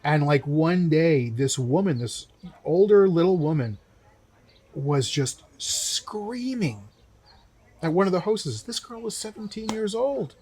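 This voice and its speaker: A young man, co-host of a show, casually telling a story and acting out the people in it with lively quotes. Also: fairly high pitch, normal speed. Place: winery.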